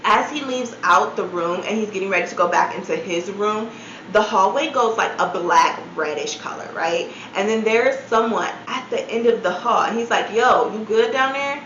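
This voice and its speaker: A woman's voice: mid-range voice, moderate pace, a bit bright, a little hiss or hum. Chatty woman vlogger telling a storytime. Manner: chatty, many "like" fillers, incredulous asides. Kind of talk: casual storytime retelling. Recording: roomy, slightly dull sound.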